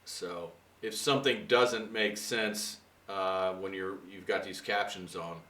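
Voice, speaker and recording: A man's voice: low voice, steady tone, takes it slowly, a bit bright, distant mic. A middle-aged man giving a rambling, chatty English lesson with lots of fillers. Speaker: English teacher. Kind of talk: casual video lesson. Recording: echoey room, voice off-mic.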